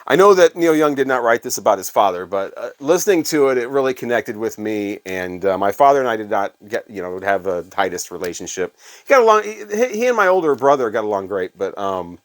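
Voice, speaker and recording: A man's voice: fairly low pitch, very animated, fairly quick. A middle-aged man from Illinois, a former radio worker, telling casual rambling stories full of fillers. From Illinois, USA. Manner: rambling and conversational, with frequent fillers. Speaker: former radio staffer, record collector. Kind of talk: casual storytelling vlog.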